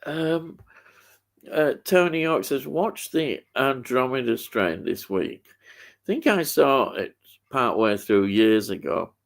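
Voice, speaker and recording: A man hosts a casual live stream, talking slowly in a gravelly voice. He rambles along, hesitant and full of ums and restarts. He reads out viewer comments as he goes. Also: medium pitch, animated. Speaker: live stream host reading chat. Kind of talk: casual chat.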